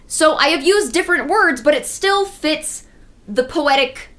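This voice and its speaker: A woman with a fairly high voice explains her subject in a chatty, rambling way on a stream. She wanders off on tangents, springs into sudden excited bursts, and drops into slow, rhythmic recitation when she quotes verse. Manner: chatty, digressive, animated with sudden excited jumps. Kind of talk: casual livestream lecture. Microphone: streaming setup.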